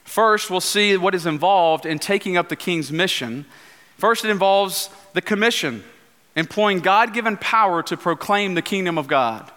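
A male pastor giving an earnest sermon in a church, at times slowing into a hushed prayer. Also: high-pitched, expressive. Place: church sanctuary. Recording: church hall reverb.

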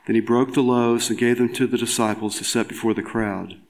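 A man reading a scripture passage aloud in a church service, measured and formal. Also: medium pitch, fairly even intonation, low-quality recording. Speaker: scripture reader.

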